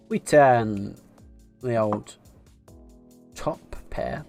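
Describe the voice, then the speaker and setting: A man's voice: mid-range voice, animated, slow pace, vocal fry, pauses often, soft background music. A man streaming live poker, musing through his decisions and thinking aloud with wry asides.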